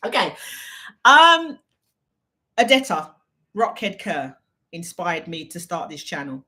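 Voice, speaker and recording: A woman's voice: on the low side, big pitch swings, slow pace, pushed and bright. Chatty English woman hosting a live Q&A. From United Kingdom. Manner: chatty and rambling, reading viewer comments aloud. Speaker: live-stream host. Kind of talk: unscripted live Q&A chat.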